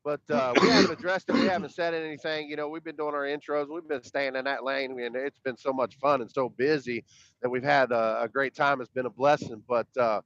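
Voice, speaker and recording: A man's voice: medium pitch, fairly even intonation, fairly quick, a bit bright. Rambling man, profane and emphatic. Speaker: podcast co-host. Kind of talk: casual podcast chat. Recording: dull, dry lo-fi sound.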